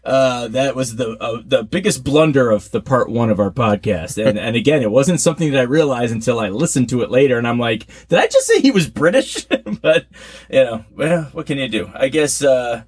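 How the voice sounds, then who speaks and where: A man's voice: fairly quick, breathy edge. A man co-hosting a podcast, chatting casually and poking fun at himself. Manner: chatty, self-mocking, animated swings in pitch. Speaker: podcast co-host.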